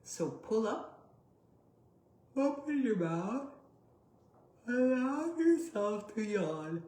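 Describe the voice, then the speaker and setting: A woman coach leading a guided body exercise session, giving gentle step-by-step cues and sighing out loud along with the listeners. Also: a little high, big pitch swings. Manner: gentle, slow cues with audible sighs. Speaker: somatic coach. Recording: roomy echo.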